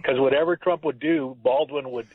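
A man's voice: medium pitch, fairly even intonation, normal speed, husky, no room sound. A man calling in to a radio show, chatty and insistent, often repeating himself. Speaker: caller. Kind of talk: call-in radio talk. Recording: phone line on radio.

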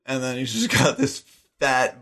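A young man with an ordinary mid-range voice in relaxed conversation, filling in plot details and backing up his co-host with quick remarks. His delivery is loose and unhurried. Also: medium pitch. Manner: chiming in with short details and laughter. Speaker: podcast co-host. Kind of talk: casual movie recap chat.

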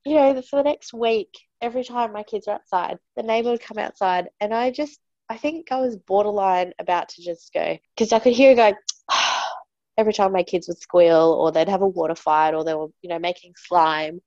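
Animated mum telling a story. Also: female voice, a little fast, hardly any pauses, no room sound. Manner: animated, exasperated, mimics others in raised pitch. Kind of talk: casual storytelling. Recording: slightly dull, dry recording.

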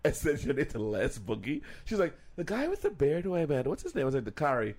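A young man co-hosting a podcast, telling stories in a profane, animated way and putting on voices for the people he quotes. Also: a little high, fast talker. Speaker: podcast co-host. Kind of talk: casual podcast banter.

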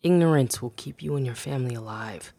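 A man's voice: medium pitch, brisk, creaky, mellow, dry recording. A man reading the lines of an earnest messenger who warns a family in a spoken memoir. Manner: earnest, solemn.

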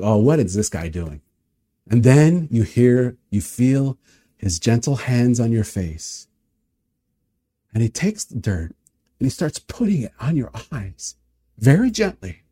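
Animated male preacher. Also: medium pitch, a little slow, long pauses. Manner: animated, vivid retelling, inviting listeners to imagine. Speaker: pastor. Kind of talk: sermon storytelling.

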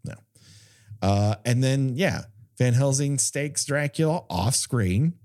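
A man's voice: mid-range voice, expressive, slow pace, darkish tone. A man co-hosting a podcast, retelling a film in a sarcastic, profane, chatty way. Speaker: podcast co-host. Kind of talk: casual film chat.

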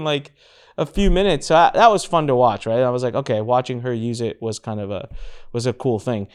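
A man hosting a casual business talk, telling stories with lively acted-out quotes. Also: a little fast, smooth. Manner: animated storyteller, acts out quotes with big pitch jumps. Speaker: podcast host.

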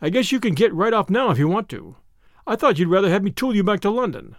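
A man's voice: sits high, lively intonation, fast talker, dry recording, clean studio sound. A man voicing a bold, cheerful young man who talks in breezy slang.

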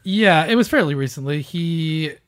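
A man in casual podcast chat, quietly chiming in with brief remarks. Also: fairly high pitch, expressive, moderate pace, no room sound, studio quality.

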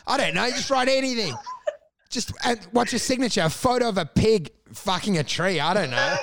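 A man with a notably high voice talks on a casual podcast, excitable and profane. He laughs often and loudly acts out imagined conversations. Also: moderate pace, creaky, noisy background. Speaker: podcast host.

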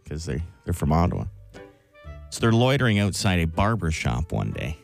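A man co-hosting morning radio, low-pitched and very lively in his delivery. He rambles through stories in casual banter and chuckles at his own jokes, with faint music underneath. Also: brisk, vocal fry. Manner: rambling joke-teller, laughs at own jokes. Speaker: radio co-host.

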